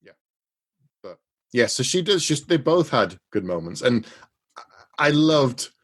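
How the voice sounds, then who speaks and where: A man's voice: medium pitch, big pitch swings, a little slow. Man co-hosting a film podcast. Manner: retells scenes with quoted lines. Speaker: podcast co-host. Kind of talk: casual chat.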